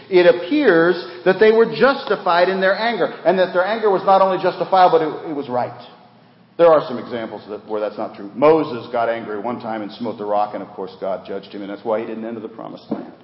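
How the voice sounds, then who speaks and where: A man preaching a sermon with earnest emphasis, rising for key points and dropping low, in a church sanctuary. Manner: earnest, rises for emphasis then drops low, repeats words. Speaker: pastor. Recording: dull roomy recording with long reverb.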